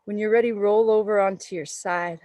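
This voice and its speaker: A woman yoga teacher giving slow, soothing, meditative guidance during a class in a studio. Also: mid-range voice, steady tone, darkish tone, no echo, poor audio. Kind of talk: guided yoga class instruction.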